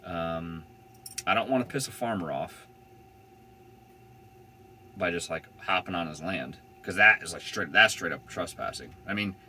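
Laid-back rambling young man, bright voice. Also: low voice, a little slow, long pauses, a little hiss or hum. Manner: rambling, laid-back, swears freely, many "like" fillers. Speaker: van-life vlogger. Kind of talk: casual storytelling to camera.

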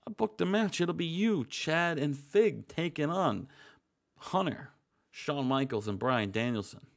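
A man's voice: a little high, expressive, a little slow, vocal fry. A man playing a gloating male wrestling show boss who taunts a champion.

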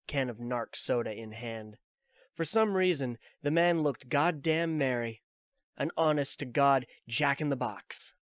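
A man reading a novel aloud as an audiobook, in steady, plain storytelling. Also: mid-range voice, no echo, studio quality. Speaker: audiobook reader.

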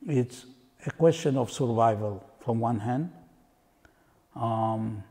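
An older man, an interviewed artist telling anecdotes in an unhurried, reflective way. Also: medium pitch, warm tone, long reverb tail. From Israel. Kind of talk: reflective storytelling.

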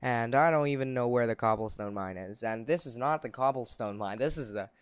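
A young man casually commentating his own gameplay, excitable and quick to exclaim and laugh. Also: medium pitch, clean tone, dry recording, studio quality. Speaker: gaming channel host.

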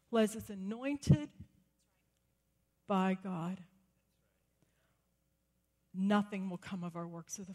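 In a church sanctuary with lingering reverb, a mid-range-voiced woman preaches, acting out quotes with growing excitement as she tells her story. It's a sermon, and the long echo of the hall is clearly heard.

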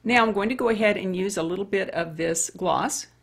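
A beauty vlogger over fifty chats casually through a makeup tutorial, speaking directly to women viewers. Her voice is medium-pitched and husky with vocal fry, and she talks a little fast.

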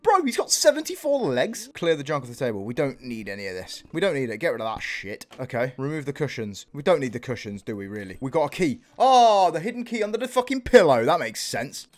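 A young British man giving excitable let's play commentary, swearing and calling his viewers boys and bro. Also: mid-range voice, a little fast, hardly any pauses. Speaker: gaming youtuber.

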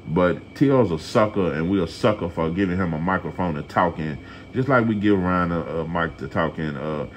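Low-voiced man, blunt rambling rant, faint hiss behind. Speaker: boxing commentator. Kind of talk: casual opinion rant to camera.

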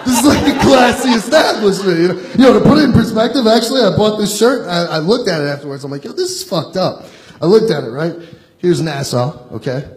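This young Long Island comic talks briskly in a high, animated voice, working through crude, self-mocking material and laughing between bits. The roomy club echoes with loud crowd laughter over slight background noise.

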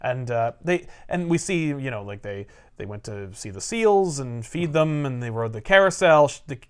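A man co-hosting a casual podcast, retelling a comic book plot with laughter and quick acted-out lines. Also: mid-range voice, clean tone. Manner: animated storyteller, laughs often, acts out characters' lines. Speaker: podcast co-host.

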